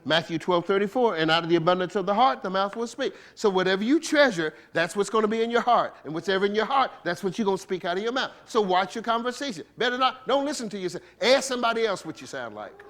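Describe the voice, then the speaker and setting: A male bishop delivers a sermon in a high, animated voice that swoops up and down. He keeps it conversational and playful, tossing rhetorical questions at the room. His speech carries a flavor. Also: fast, few pauses. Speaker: bishop preaching.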